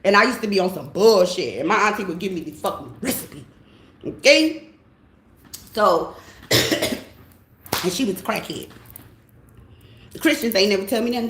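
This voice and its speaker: A woman, a tarot reader ranting casually, animated and profane. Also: mid-range voice, brisk, pauses often. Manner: animated, profane, laughing often. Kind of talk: casual vlog rant. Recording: echoey room with faint hiss.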